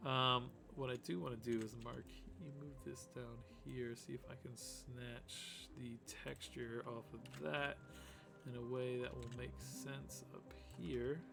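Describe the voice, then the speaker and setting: A man's voice: mid-range voice, little pitch movement, unhurried, creaky, over music. A man hosting a casual live stream, rambling with lots of fillers and restarts. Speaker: host.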